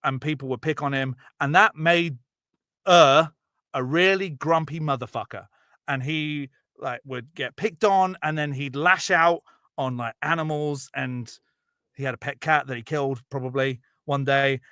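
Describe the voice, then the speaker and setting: A man telling a Bible story as a rambling, profane, jokey comedy podcast bit, slipping into quick character voices. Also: a little high, sharp tone, no echo, studio quality.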